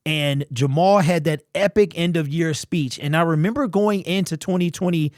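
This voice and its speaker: A man's voice: on the high side, normal speed, darkish tone, dry recording, studio quality. A man giving an opinionated, conversational sports commentary as a channel host, emphatic and repeating his points.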